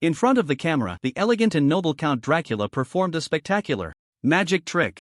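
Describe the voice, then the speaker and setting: A man's voice: fairly high pitch, big pitch swings, fast, no room sound, clean studio sound. A man narrating a fantasy story recap in a scripted storytelling delivery.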